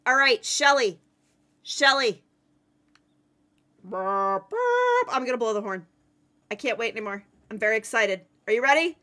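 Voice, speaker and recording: A woman streaming a game live, chatting playfully with viewers and teammates, excitable and given to yelling. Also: on the high side, fairly quick. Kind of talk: casual live-stream chat while playing.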